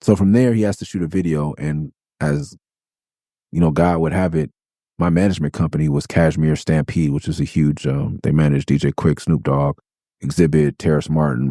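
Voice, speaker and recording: Middle-aged west coast dude ranting on his podcast, dark rough voice, lots of swearing. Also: a bass voice, dry recording, clean studio sound. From California. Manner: profane, animated, heated. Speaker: podcast host. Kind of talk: casual storytelling monologue.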